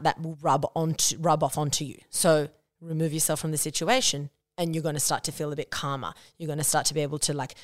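Woman host, low voice, casual and frank, swears a lot, dry close-mic sound. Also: no room sound. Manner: chatty and frank, swears freely. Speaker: podcast host. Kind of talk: casual solo podcast talk.

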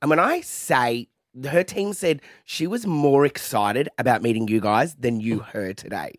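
A young Australian man, a guest in a radio studio, telling stories in a quick, excited, rambling way. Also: mid-range voice, dry recording. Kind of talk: casual radio chat.

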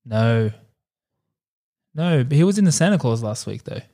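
A man's voice: medium pitch, animated, moderate pace, mellow. Joking, rambling podcast man. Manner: jokey, rambling with fillers and laughs. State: hungover. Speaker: podcast co-host. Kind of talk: casual chat.

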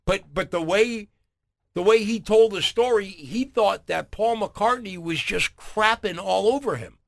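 A man hosting a morning radio show, retelling stories in a chatty, animated way. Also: high-pitched, unhurried, gravelly. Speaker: radio host.

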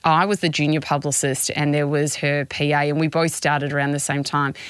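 A woman hosts a podcast interview with a lowish voice. She asks probing questions and shares her own memories with empathy. The recording is dry and close. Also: level tone, fairly quick, clear, resonant tone, no echo. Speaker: podcast host.

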